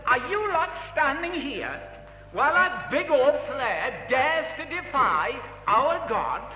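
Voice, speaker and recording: Brief: preacher doing a brash, defiant young shepherd, swinging from low to shouting, echoey hall. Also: male voice, sing-song, slow, heavily acted. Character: bold young shepherd defying a giant. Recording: echoey hall, faint music.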